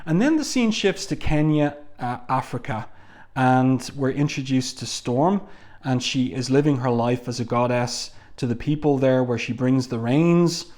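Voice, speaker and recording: A man talks through a comic book review in a casual, chatty way. He makes frequent asides and uses plenty of fillers. His voice sits in an ordinary middle pitch. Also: a little slow, a little mellow. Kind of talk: casual review with read-aloud quotes.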